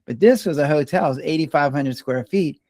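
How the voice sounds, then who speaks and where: An older man, a retired doctor and podcast guest, telling stories in a relaxed, rambling way and often restarting his words. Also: a little high, brisk, dry recording, clean studio sound. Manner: relaxed, rambling storyteller who restarts words mid-sentence. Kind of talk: casual storytelling conversation.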